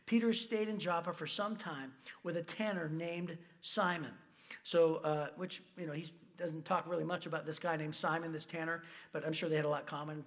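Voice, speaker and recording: A man from Michigan preaching a sermon as pastor, telling lively personal stories with asides and quoted voices. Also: high-pitched.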